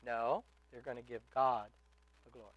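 A man preaching a sermon in an emphatic way, building to loud exhortations and dropping to quiet asides. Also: mid-range voice, fairly even intonation, moderate pace, highs cut off. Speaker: pastor.

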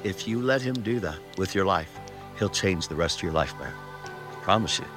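A man evangelizing outdoors, talking with people and praying over them in quick, commanding bursts. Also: low voice, expressive. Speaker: street evangelist. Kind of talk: street prayer and conversation. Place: outdoors on dirt ground. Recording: clip with music underneath.

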